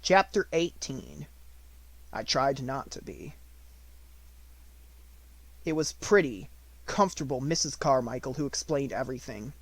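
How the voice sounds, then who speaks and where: A man reading an unabridged audiobook in measured storytelling narration. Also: medium pitch, expressive, husky, no room sound.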